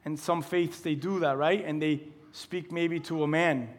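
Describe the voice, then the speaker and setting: A man's voice: on the high side, fairly even intonation, measured pace. A male pastor preaching a sermon in a church, talking conversationally and asking his listeners questions. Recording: long reverb of a large hall.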